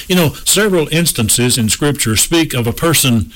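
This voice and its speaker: A man teaching from the Bible on a radio broadcast, slow and emphatic with folksy asides. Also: medium pitch, lively intonation, fairly bright tone, rough recording. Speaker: radio preacher.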